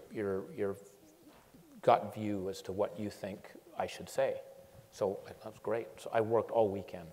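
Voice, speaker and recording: A man speaks in a fairly low voice, and the sound has the long echo of a lecture hall. He talks in an animated way, stopping and restarting often and repeating words as he tells his story. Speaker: guest speaker.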